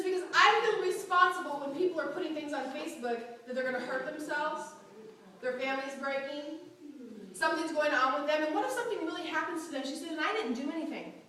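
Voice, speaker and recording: A woman teaching a church Bible class, animated and often acting out quotes with a laugh. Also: sits high, brisk, a little hiss or hum. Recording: very echoey room, mic far off.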